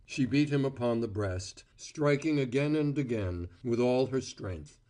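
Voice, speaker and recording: A man narrating an audiobook in a measured, expressive reading. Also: lowish voice. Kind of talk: scripted narration.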